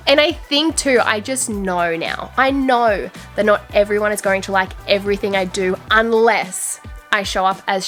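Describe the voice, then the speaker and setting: A woman's voice: mid-range voice, a bit bright. A young Australian woman vlogger having a candid, earnest chat to camera, confiding and full of "I feel like".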